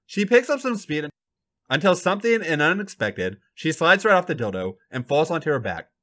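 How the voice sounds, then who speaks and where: A man hosting a podcast, reading a fan fiction story aloud with an animated, dramatic delivery. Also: a little high, normal speed, slight background noise.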